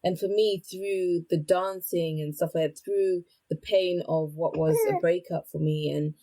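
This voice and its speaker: A woman's voice: lowish voice, steady tone, measured pace, warm tone, low-quality recording. A woman from Zimbabwe speaking as a podcast guest, reflective and searching for words as she talks. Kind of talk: personal interview talk.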